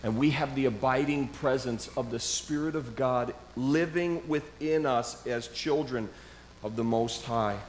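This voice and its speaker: A male pastor preaching a sermon. He reads scripture aloud with slow, emphatic stresses and breaks into casual, conversational asides. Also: medium pitch, slight background noise. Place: church sanctuary. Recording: echoey church room.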